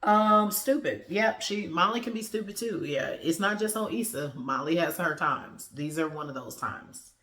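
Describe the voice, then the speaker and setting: A woman's voice: on the low side, expressive, normal speed, few pauses, fairly bright tone, roomy sound. A woman giving a casual, slangy review of a TV episode and acting out the characters' lines as she goes.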